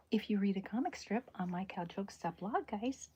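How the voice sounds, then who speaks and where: A woman chatting in a soft-spoken, whispery way during an ASMR drawing livestream, rambling and correcting herself as she goes. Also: mid-range voice, lively intonation, measured pace, breathy edge. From American South. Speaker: cartoonist streaming live.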